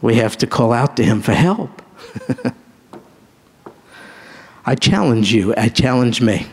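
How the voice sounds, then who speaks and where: A man preaching a live sermon to a congregation, emphatic, asking them direct questions and breaking into sudden high exclamations. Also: slightly rough. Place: church hall with a congregation. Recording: reverberant hall sound.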